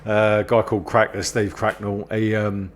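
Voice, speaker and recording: A man's voice: on the low side, normal speed. A man telling a long, sweary anecdote in casual chat, acting out the other people in his story. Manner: swearing, animated anecdotes with acted-out quotes. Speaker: podcast host.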